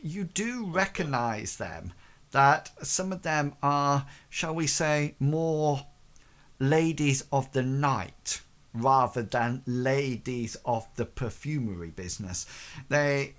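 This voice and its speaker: A man's voice: medium pitch, expressive, slow. A man narrating a tabletop game as game master, hesitant and full of fillers.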